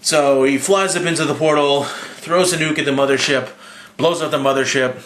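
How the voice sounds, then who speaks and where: A slightly drunk young man recapping a movie in a rambling, profane, excitable way. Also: on the high side, normal speed, reverberant, a little hiss or hum. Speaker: movie reviewer.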